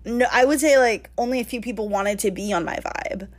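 A woman in her twenties telling a lively story on a casual podcast, laughing often and saying "like" a lot. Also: fairly high pitch, brisk. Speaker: podcast co-host.

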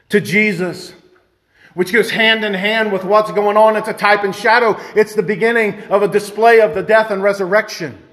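A man preaching a sermon fervently, his voice rising at times to shouts of emphasis. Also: high-pitched.

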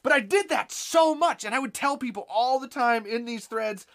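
A young man chatting on a live stream, excitable and rambling, swearing often as he talks. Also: very high-pitched, moderate pace, few pauses. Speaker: podcast host on a live stream. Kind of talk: casual live-stream chat.

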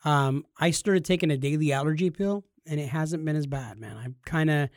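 A man co-hosting a casual podcast, teasing and joking with animated energy. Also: fairly high pitch, moderate pace, no room sound, clean studio sound. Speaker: podcast co-host. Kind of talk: casual chat.

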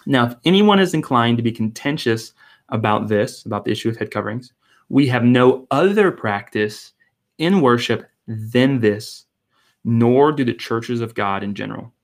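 A man's voice: mid-range voice, animated, normal speed. A man preaching a sermon, explaining scripture in an earnest way and asking rhetorical questions. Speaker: pastor.

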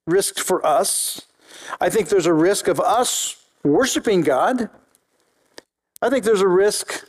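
A man with a high voice delivers a sermon in a relaxed, conversational way. He restarts phrases often and draws out important words slowly. When reading scripture he falls into a steady, list-like rhythm. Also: rough recording. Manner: conversational preaching with frequent restarts and slow emphatic phrases; reads scripture aloud in a steady list-like cadence. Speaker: pastor.

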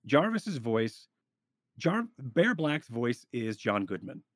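A man talks through roleplay advice in a loose, animated ramble, restarting his sentences as he goes. His voice sits at an ordinary middle pitch. The sound is dry and close, with no room around it. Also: slow, dry recording. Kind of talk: casual podcast chat.

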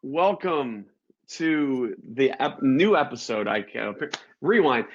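A man's voice: mid-range voice, unhurried. A man hosting a casual live-stream interview over a video call, upbeat and joking through tech hiccups. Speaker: podcast host. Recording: dull lo-fi live-stream audio.

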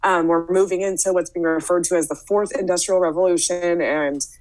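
A woman hosting a casual podcast conversation, speaking in a brisk, opinionated way with frequent "um" fillers. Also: lowish voice, fairly even intonation, a little mellow, low-quality recording.

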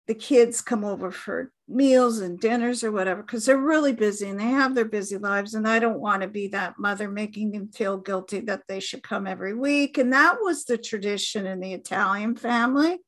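A woman in her fifties hosting a podcast, telling a heartfelt personal story in an unhurried, reminiscing way. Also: medium pitch. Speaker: podcast host. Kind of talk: conversational storytelling.

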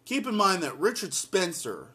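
A man's voice: high voice, sing-song, normal speed, sharp tone, breathy edge. A man giving impassioned solo political commentary and reading an article aloud, blunt and emphatic, repeating lines for force.

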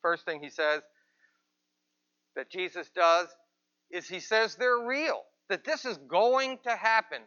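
Guy preaching, high voice, bright, kinda muffled sound. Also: expressive, slow, pauses often. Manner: conversational preaching with rhetorical questions. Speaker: pastor. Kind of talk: sermon. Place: church, with people present and some watching remotely.

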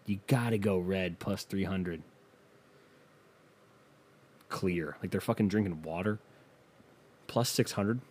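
A man's voice: sits low, slow pace, long pauses, darkish tone. A man hosting a casual solo podcast, offhand and profane as he reads betting odds aloud. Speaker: podcast host.

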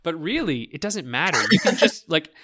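A man's voice: fairly high pitch, sing-song, brisk, bright, forceful tone. A man rambling about video games in a casual podcast chat, swearing freely, leaning on "like" and laughing often.

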